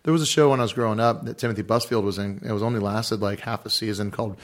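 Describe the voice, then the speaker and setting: A man's voice: lowish voice, fairly even intonation, rapid-fire. Rambling casual man from Hawaii. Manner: rambling, many restarts and "like". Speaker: podcast co-host. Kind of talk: casual chat.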